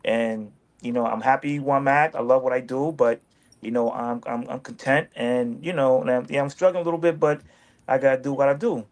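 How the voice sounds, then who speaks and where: A man's voice: mid-range voice, fairly even intonation, a little fast. A man in casual conversation, telling a long story with lots of repetition and acted-out quoted dialogue. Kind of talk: casual street-talk storytelling.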